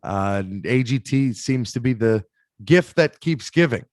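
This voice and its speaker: Animated male storyteller, dry close sound. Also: medium pitch, a little slow, dry recording. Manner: animated storyteller, acts out quoted voices, many restarts. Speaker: interview guest, performer. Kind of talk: casual storytelling interview.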